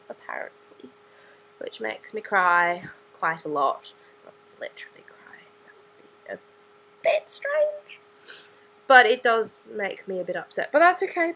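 This casual rambling vlog comes from a student in her late teens who speaks with an Australian accent and films herself on a handheld camera, scattered and self-deprecating. Her voice is medium-pitched and fairly bright, and the low-quality recording has a little hiss or hum.

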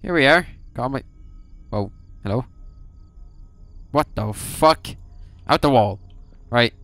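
A man's voice: mid-range voice, animated, takes it slowly, a bit bright, no room sound, faint music behind. A young man playing a horror game for video, reacting with sudden swearing and reading the game's text aloud. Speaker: gaming YouTuber. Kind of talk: horror game let's play commentary.

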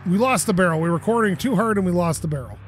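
A man giving casual gameplay commentary at home, excitable, laughing, swearing and talking to objects in the game. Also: high-pitched, racing, slight background noise. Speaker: gaming YouTuber.

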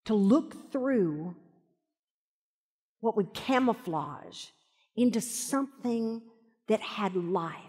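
Husky woman preaching in a hall. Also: medium pitch. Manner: storytelling, dropping to soft whispers for emphasis. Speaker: Bible teacher. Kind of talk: sermon at a live event. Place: large event hall. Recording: echoey hall reverb.

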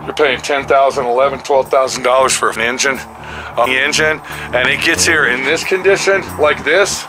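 A man's voice: medium pitch, moderate pace, sharp tone, low-quality recording. A man hosting a vlog at his car shop, ranting angrily and cursing in exasperation, with music playing under his voice. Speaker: mechanic and channel host. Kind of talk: casual vlog walkthrough.

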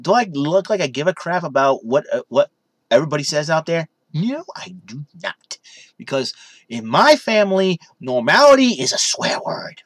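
A man's voice: a little high, sing-song, normal speed, no room sound. A young man casually vlogging from his room in his parents' basement, rambling and saying "you know" constantly. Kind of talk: casual vlog chat.

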